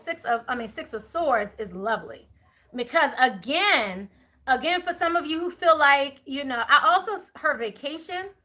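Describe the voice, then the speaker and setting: A woman giving a chatty live tarot reading, talking to viewers and spirits, with many fillers and quick apologies. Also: high-pitched, bright, forceful tone. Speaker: tarot reader.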